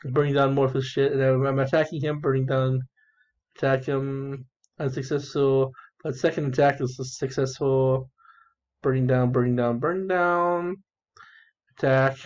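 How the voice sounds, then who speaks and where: A man gives casual commentary on his own game, rambling, crude and repeating himself, often breaking into giggles. His voice sits at a middling pitch. The recording sounds dull and lo-fi. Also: steady tone, moderate pace, darkish tone. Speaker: gamer narrating his play.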